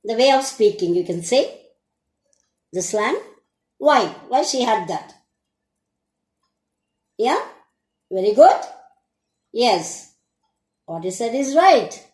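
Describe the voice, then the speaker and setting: A woman teacher with an Indian English accent leads an English lesson in a high voice, moving slowly and deliberately. She keeps putting questions to her students. The recording sounds echoey, as if made in a bare room. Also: darkish tone. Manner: slow, deliberate, asks the class questions.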